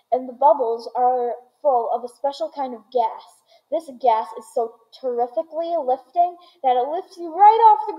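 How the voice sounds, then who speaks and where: A woman reading aloud voices an excitable, eccentric male candy maker who talks in bursts of boastful exclamation. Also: sits high, muffled recording.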